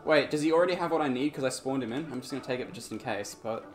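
A man talks very fast in a mid-range voice while commentating on his live gameplay stream. Game music plays as he chats casually with viewers, laughing frequently and humming along.

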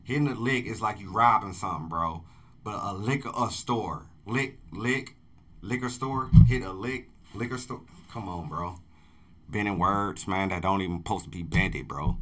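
A man hosting a casual music reaction, excitable, repeating lines back and calling out "bro". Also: fairly low pitch, normal speed. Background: faint music.

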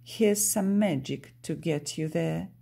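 A woman's voice: low-pitched, takes it slowly, creaky, mellow, breathy edge, full character voice. A woman reading aloud, voicing a cruel, gloating male winter villain from a storybook in a bossy, mocking way. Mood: sneering.

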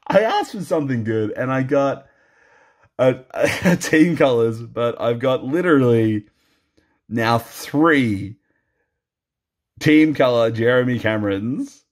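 A man's voice: mid-range voice, expressive, slow pace, pauses often. A man commenting casually on a trading card box opening, playful and self-mocking, laughing often.

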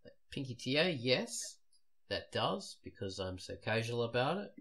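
A man's voice: mid-range voice, very animated, normal speed, fairly bright tone. A man hosting a podcast in casual chat, rambling and trailing off with a self-deprecating tone. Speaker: podcast host.

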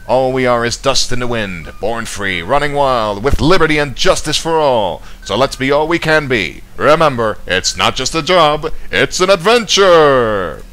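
A man's voice: mid-range voice, sing-song, measured pace, hardly any pauses, a bit bright, voice pushed up. A man voicing an eager, pompous starship captain in a video game, giving a grand speech full of slogans. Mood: rousing.

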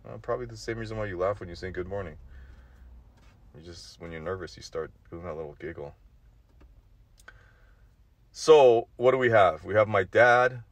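Man, 40s, low voice, dry close mic; casual rambling monologue with profanity and nervous laughs. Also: moderate pace, long pauses, dry recording. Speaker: vlogger.

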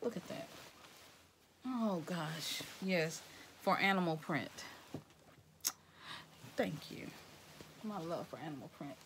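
A woman opening gifts in a casual vlog, excitable and chatty, talking straight to her viewers and slipping into whispers now and then. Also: lowish voice, takes it slowly, long pauses, a little hiss or hum. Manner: excitable, addresses viewers as "y'all", slips into whispers.

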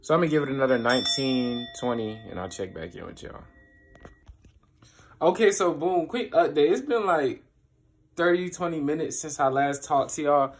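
A man's voice: fairly high pitch, very animated, moderate pace, husky. A young adult man talking casually to camera in a room at home. He uses loose slang and keeps checking in with "you get what I'm saying.". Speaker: vlogger. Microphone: handheld phone camera.

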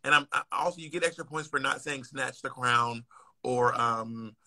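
A man's voice: medium pitch, moderate pace, pushed and bright. An American man hosting a live stream over a phone, chatting casually with a guest in a blunt, teasing, playful way.

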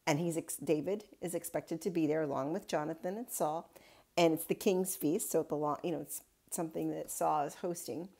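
A woman's voice: low-pitched, steady tone, fairly quick, vocal fry, warm tone. A woman pastor giving a casual daily Bible reflection, retelling the story in a chatty way with wry asides.

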